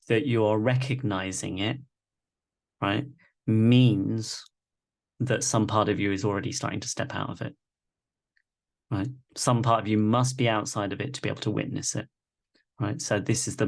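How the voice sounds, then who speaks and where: A man's voice: lowish voice, vocal fry. A man leading a live online masterclass, talking reflectively and often checking in with "right?". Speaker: workshop facilitator. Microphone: video call.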